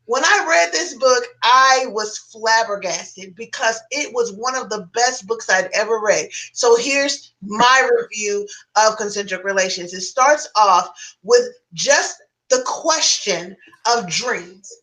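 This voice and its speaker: A chatty woman talks through a book review on a podcast, emphatic and quick to laugh. Her voice sits a little high and sounds bright and forward. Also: lively intonation, poor audio. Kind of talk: casual podcast chat.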